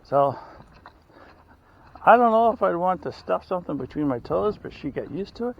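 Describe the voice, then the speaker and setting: A man's voice: high voice, very animated, normal speed, vocal fry, dull audio, slight background noise. A man outdoors on a hiking trail, giving tips in a casual, rambling vlog and often correcting himself mid-sentence. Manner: rambling, self-correcting, chatty. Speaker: hiker vlogger.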